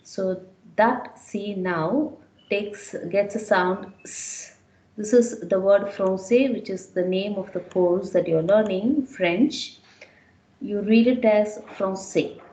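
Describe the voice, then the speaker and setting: A woman's voice: medium pitch, a little mellow. A woman teaching a French class, explaining step by step and repeating words so students can follow. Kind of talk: classroom lecture. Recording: echoey room.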